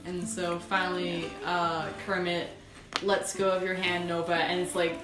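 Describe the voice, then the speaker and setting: A woman's voice: fairly low pitch, little pitch movement, a little slow. A woman narrating a tabletop game as game master, chatty and loose, with many fillers. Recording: roomy room with music behind.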